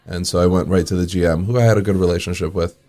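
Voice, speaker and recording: A low-voiced man, a restaurant owner who is a guest on an interview. He relaxes into long anecdotes, acts out the quoted dialogue and chuckles as he goes. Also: fairly even intonation, very fast, a little mellow. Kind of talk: casual storytelling in an interview.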